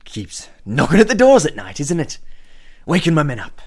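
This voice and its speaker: A man's voice: fairly high pitch, huge pitch swings, normal speed, voice pushed up, exaggerated voice. A man doing a cackling, unhinged crime boss. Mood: gleeful, unhinged. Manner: cackling, giggly, swings to sudden anger. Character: mangled unhinged male human crime boss.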